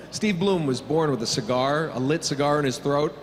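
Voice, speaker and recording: A man's voice: fairly high pitch, normal speed. A middle-aged male voice actor answering fan questions on a convention panel, joking and rambling with many fillers. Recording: reverberant convention hall, faint hum.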